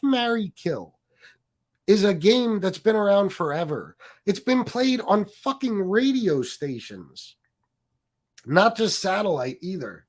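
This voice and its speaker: Male streamer host, lively pitch, profane angry rant, casual. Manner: angry, profane and mocking, with many fillers. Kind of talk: ranting live stream commentary.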